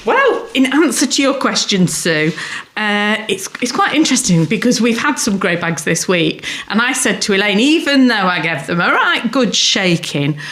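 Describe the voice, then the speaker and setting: A woman's voice: medium pitch, big pitch swings, moderate pace, a bit bright. A woman co-hosting a gardening podcast, explaining tips in a chatty way and laughing easily. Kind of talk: casual chat with gardening advice.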